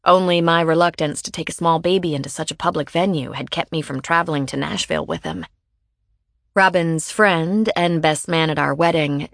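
A woman reading a first-person audiobook in a measured, even storytelling manner, on a close studio mic. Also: low voice, gravelly, no echo. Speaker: audiobook narrator.

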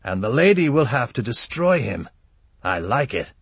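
A man's voice: mid-range voice, big pitch swings, normal speed, slightly rough, no echo. A man voicing a wry mercenary wizard with clipped speech in an audiobook.

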